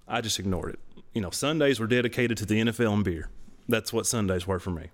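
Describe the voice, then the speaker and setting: Man in his thirties, low-pitched, casual podcast testimony, animated delivery with sudden high jumps. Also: fairly quick. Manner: animated, laughs while telling stories, voice jumps way up for emphasis. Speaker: podcast co-host.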